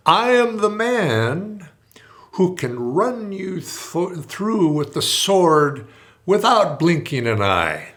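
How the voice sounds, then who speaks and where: A man voicing a proud, menacing warlord who makes slow, loud threats. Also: high-pitched, big pitch swings, pitched above the performer's own voice, full character voice. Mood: threatening.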